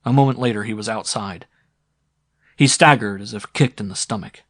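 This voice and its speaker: A man narrating a science fiction audiobook in a steady, dramatic reading. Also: fairly low pitch, normal speed, no room sound, clean studio sound. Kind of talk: scripted narration.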